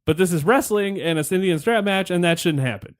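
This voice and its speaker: A podcast host with a high-pitched, brisk voice rambles through a recap of a wrestling match in casual conversation, wry and laughing, with the occasional swear.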